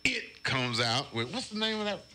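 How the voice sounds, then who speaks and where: Man, radio morning host, casual banter, bright voice, animated pitch. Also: normal speed, slight background noise. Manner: chatty, reads birthdays and station IDs.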